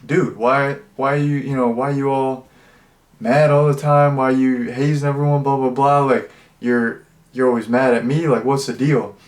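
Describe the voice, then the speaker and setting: A man's voice: medium pitch, level tone, moderate pace, lightly acted. A man voicing a young frat guy who complains in a run of questions. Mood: whiny.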